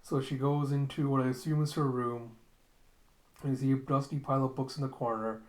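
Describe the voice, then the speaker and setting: A man's voice: mid-range voice, level tone, brisk, darkish tone, roomy sound. A man casually narrating a comic recap as host, chatty and laughing often. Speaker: comic read-along host.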